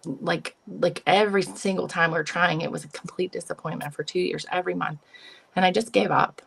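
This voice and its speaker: A woman with a low, gravelly voice sits as an interview guest and tells a personal story. She is a psychic medium who speaks earnestly and with feeling, often acting out her own past thoughts. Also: fairly even intonation, fairly quick, fairly bright tone. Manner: earnest and emotional, retelling with self-quotes.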